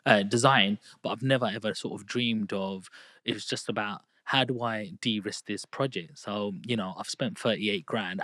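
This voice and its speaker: A man in his thirties talks casually in a podcast booth, his voice sitting low. He tells lively stories and acts out what other people said. The sound is dry and close, with no room in it. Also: no room sound. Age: 30s. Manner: lively storyteller who acts out quoted dialogue. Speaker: guest, property investor.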